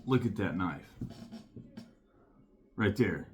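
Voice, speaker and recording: A man's voice: on the low side, normal speed, music in the background. A man giving a casual knife review to camera, talking emphatically and enthusiastically and repeating his points.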